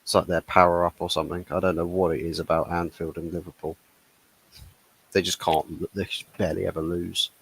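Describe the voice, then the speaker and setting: Deep-voiced man, rambling football banter. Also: little pitch movement, fairly quick, creaky, husky, rough recording. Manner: rambling, jokey. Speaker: football podcast panelist. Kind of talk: casual chat. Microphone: video call.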